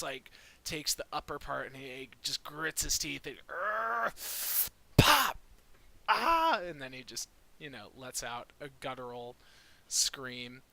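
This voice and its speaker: An eager man at a tabletop game table, chatting in a loose, slangy way as he walks through his character's actions. His voice is very bright and forward, with a sharp edge. His pitch sits in the usual middle range for a man. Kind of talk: casual game table chat.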